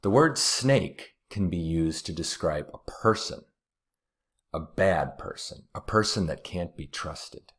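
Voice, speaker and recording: Patient male pronunciation teacher, low voice, unhurried, repeats each word with care. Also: animated. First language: English. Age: adult, watched TV as a kid in the 80s-90s. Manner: patient, repeats words slowly and clearly. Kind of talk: slow, deliberate pronunciation lesson.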